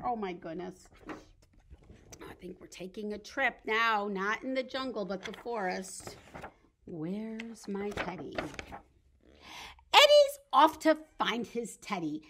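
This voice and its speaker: A woman leading a baby story time as a children's librarian, speaking in a gentle, coaxing way meant for little children. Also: a little high.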